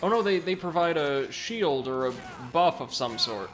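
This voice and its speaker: A man's voice: fairly high pitch, moderate pace, a little hiss or hum. Chatty man narrating his gameplay. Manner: chatty, self-correcting, excitable. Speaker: let's play host. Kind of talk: casual gameplay commentary with chat reading.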